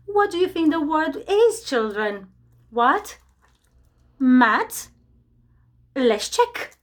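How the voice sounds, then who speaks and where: A woman teaching preschool children, gentle and encouraging as she leads a reading game. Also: sits high, sing-song, drawn-out words, pauses often. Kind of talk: children's lesson.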